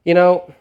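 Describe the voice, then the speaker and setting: A middle-aged man preaching a sermon in a conversational way, swinging between loud emphatic lines and quiet ones. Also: phone-quality sound. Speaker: pastor.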